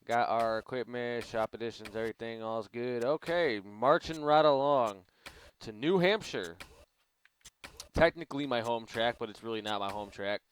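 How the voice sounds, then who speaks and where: A man's voice: mid-range voice, moderate pace, smooth. Laid-back man chatting over gameplay. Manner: laid-back, rambling, laughs a lot. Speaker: gaming channel host. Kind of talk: casual gameplay commentary.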